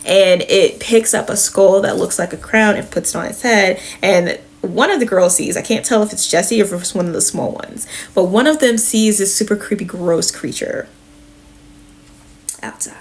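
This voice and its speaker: A woman hosts a comic review show and talks through a horror comic in a loose, chatty way, with plenty of swearing and filler words. Her voice sits at a middling pitch. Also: normal speed. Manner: chatty, profane, full of fillers. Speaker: comic review podcast host. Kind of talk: casual comic book recap.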